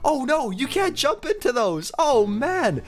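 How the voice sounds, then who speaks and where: An excitable, jokey man giving let's-play commentary on a game as its host, gasping and squealing as he plays, over faint background music. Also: very high-pitched, a little slow. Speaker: gaming video host.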